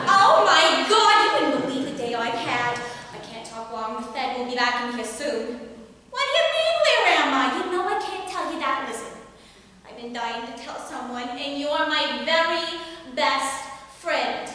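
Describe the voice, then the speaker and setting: A gossipy, giggly housewife with a broad New Jersey accent, as a woman reads her on stage, her high, bright voice swinging all over the place. It sounds like a staged monologue caught from far off in an echoey hall. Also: expressive, measured pace, heavily acted. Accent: put-on New Jersey. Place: performance venue.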